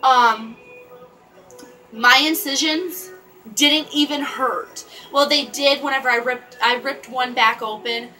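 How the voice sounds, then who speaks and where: A woman talks straight to the camera in a rambling storytime vlog, stopping and restarting her sentences. Her voice sits a bit high and sounds bright and sharp. Soft music plays faintly behind her. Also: rough recording. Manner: rambling, halting with many restarts and fillers. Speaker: vlogger.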